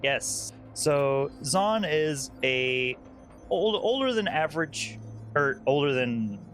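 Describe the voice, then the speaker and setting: Male player, slow and halting, middle pitch, faint music underneath. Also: animated, fairly bright tone. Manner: unhurried, hesitant with many fillers. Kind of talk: describing a character in a tabletop game.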